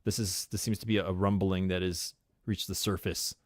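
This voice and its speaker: A man with a New York accent co-hosting a casual live-streamed podcast, excitable and rambling, laughing often. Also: deep voice, a little fast, dry recording, clean studio sound. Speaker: podcast co-host.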